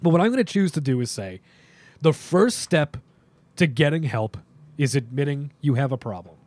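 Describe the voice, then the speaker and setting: A young man co-hosting a podcast, talking in an animated, opinionated, rambling way with plenty of fillers. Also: a little high, moderate pace, no echo. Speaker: podcast co-host. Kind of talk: casual podcast chat.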